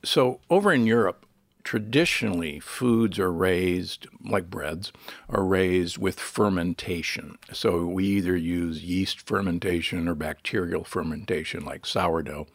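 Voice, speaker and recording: A man with a low, gravelly voice speaks as an interview guest. He lectures emphatically and leans on key points. The sound is close and dry. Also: measured pace, no room sound. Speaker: guest physician and author. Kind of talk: podcast interview, explaining.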